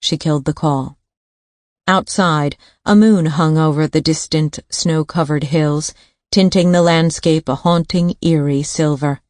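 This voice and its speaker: A woman narrating a thriller audiobook, measured and suspenseful. Her voice sits low, and the recording is dry and close. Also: steady tone, a little mellow, no room sound.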